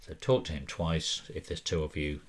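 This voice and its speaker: Deep husky guy reading card rules on a board game podcast, calm and measured. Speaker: podcast co-host. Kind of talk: casual board game discussion.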